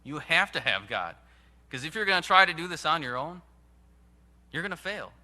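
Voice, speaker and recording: Guy preaching, very bright ringing voice, a bit high, earnest and punchy then hushed. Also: big pitch swings, normal speed. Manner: earnest, emphatic preaching with sudden rises and hushed drops. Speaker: pastor. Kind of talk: sermon.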